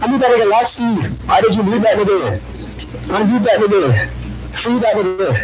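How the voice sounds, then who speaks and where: A man's voice: high-pitched, expressive, normal speed, over a noisy crowd, rough recording. A man trash-talking someone in a group voice chat, with crude, repetitive insults. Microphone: headset or desk mic on a voice call. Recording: loud static on a voice chat mic.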